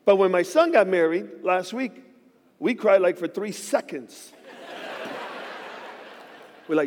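Animated male preacher in a reverberant church. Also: high-pitched, unhurried. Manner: animated storytelling with joking asides. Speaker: guest pastor. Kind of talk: sermon. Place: church sanctuary.

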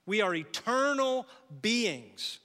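Bright-voiced male pastor in a reverberant hall. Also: sits high, sing-song, slow pace. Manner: swings from loud urgent preaching to soft, hushed encouragement. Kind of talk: sermon.

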